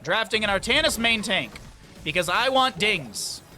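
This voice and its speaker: A man streaming a game, chatting casually with his chat and telling rambling, profane stories with quick asides. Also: high-pitched, very animated, pushed and bright, faint music behind. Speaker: gaming streamer. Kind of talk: casual livestream commentary while playing.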